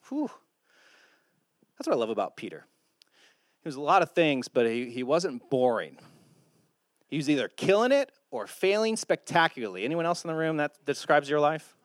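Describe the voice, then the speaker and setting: A man preaching a sermon, animated and acting out the lines he quotes. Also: a little high, moderate pace, pauses often, no room sound, studio quality. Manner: animated, acts out quotes in voices. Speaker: pastor.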